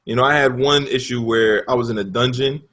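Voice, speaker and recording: A man on a gaming podcast telling animated stories in casual talk, with frequent cursing and loud outbursts. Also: medium pitch, fairly quick. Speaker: podcast panelist.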